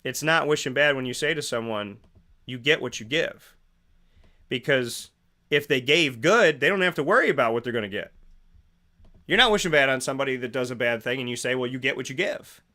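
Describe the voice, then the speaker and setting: With a sharp, mid-range voice that's expressive and a little fast, a man hosts a preachy motivational morning talk. He poses rhetorical questions, hammers phrases through repetition, and plays both parts in imagined exchanges.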